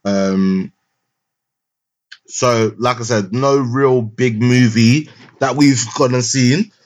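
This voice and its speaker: A man's voice: medium pitch, slow. A young man, co-hosting a podcast in casual chat, rambling with lots of fillers, restarts and street slang. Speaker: podcast co-host. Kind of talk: casual chat, film review. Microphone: remote call mic.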